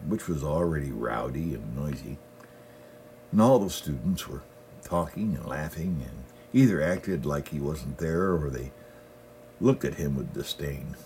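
A middle-aged pastor preaches a sermon in a folksy, storytelling way, frequently starting sentences with "well." His voice is extremely low and dark, with a little background noise.

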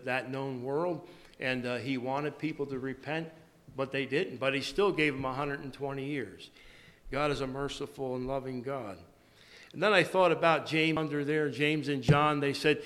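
A man giving a sermon in a halting way, often repeating and restarting his words. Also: medium pitch, a bit bright. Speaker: preacher. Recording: long hall reverb.

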